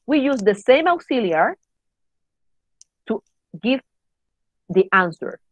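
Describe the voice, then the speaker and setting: A woman's voice: a little high, sing-song, takes it slowly, no room sound. Female teacher, methodical grammar explainer, dry muffled lesson recording. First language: Spanish. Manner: explains step by step, checks in with "okay?", spells out letters. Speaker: English teacher.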